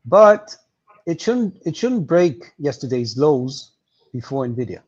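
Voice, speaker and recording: A man walking through market levels on a livestream, explaining with many pauses and fillers. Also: mid-range voice, sing-song, a little mellow, breathy edge, dull audio. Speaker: market analyst guest.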